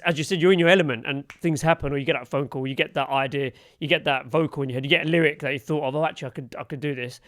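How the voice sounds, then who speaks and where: A man, hosting a podcast in a relaxed, rambling way. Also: on the high side. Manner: relaxed, rambling, many fillers and restarts. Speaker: podcast host. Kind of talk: casual podcast conversation.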